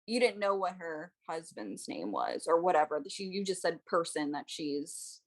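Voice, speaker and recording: A woman's voice: on the low side, very animated, normal speed. A woman playing a tabletop game, describing her character's moves in a rambling, giggly, hesitant way. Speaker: player. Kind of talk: casual tabletop game play.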